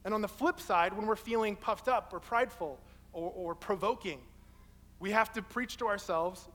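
A young man preaching a sermon in a casual, animated way, telling a personal story. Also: high-pitched, normal speed, long reverb tail. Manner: casual, animated, acts out quoted people in his story.

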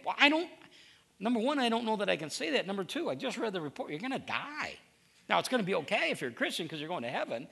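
A man's voice: high voice, creaky. A middle-aged male pastor preaching a sermon in a conversational, storytelling way. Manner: conversational storytelling, animated with restarts.

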